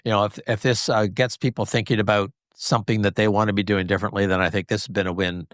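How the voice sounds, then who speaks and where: A man's voice: fairly low pitch, level tone, fast, fairly bright tone, dry recording, clean studio sound. A man hosting a podcast over a remote call, easygoing and appreciative as he wraps up. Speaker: podcast host. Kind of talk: casual podcast conversation.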